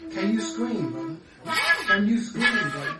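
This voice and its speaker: A man giving a live poetry reading, rhythmic and building into sudden high screams. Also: expressive, measured pace. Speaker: poet. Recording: echoey, distant, loud music behind.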